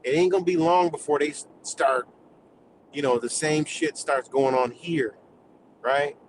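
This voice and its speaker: A man's voice: on the high side, a little slow, a little hiss or hum, poor audio. Heated, profane man ranting. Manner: heated, profane, rambling rant. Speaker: live streamer. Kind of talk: live rant stream.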